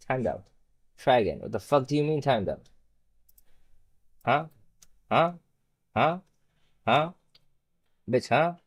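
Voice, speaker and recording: A young adult streamer muttering casual, profane, sarcastic commentary while fighting with a computer setup. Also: medium pitch.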